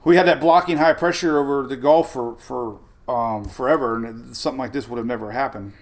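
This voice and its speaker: A man hosting a weather livestream keeps the talk casual, reading viewers' comments and rambling amid frequent laughs. He has a medium-pitched voice and a fairly quick delivery.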